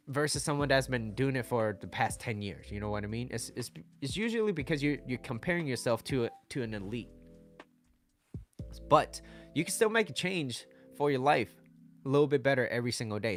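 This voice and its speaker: A man's voice: mid-range voice, lively intonation, brisk, fairly bright tone, soft background music. A man coaching viewers on dating and relationships in a casual livestream, often checking in with "right?" and "okay?".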